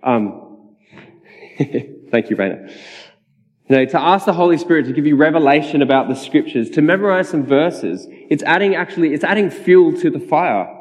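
A man's voice: a little high, animated, moderate pace. Man preaching in a reverberant hall. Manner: casual and chatty, with many fillers and frequent laughs. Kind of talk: personal testimony sermon. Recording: dull, reverberant hall sound.

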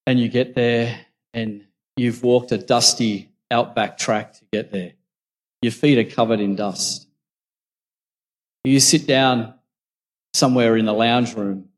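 A man preaching a sermon, reading scripture and then reflecting on it in a conversational storytelling way. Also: medium pitch. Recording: long reverb from a large hall.

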